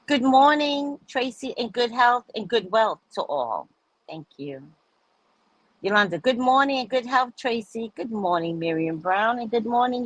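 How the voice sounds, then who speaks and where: A woman's voice: low voice, slightly rough, rough recording. Middle-aged woman host, bouncy swooping delivery, chatty, reads the chat aloud. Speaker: livestream host reading viewer comments. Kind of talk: casual chat.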